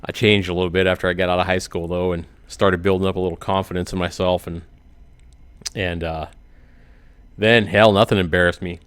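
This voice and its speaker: Rambling comic YouTuber, male, forties, lowish voice, dry close sound, chuckles at own punchlines. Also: little pitch movement, fairly quick, a bit bright, clear, resonant tone, no room sound. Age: 40s. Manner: rambling, laughs at his own jokes. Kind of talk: joking comedic monologue.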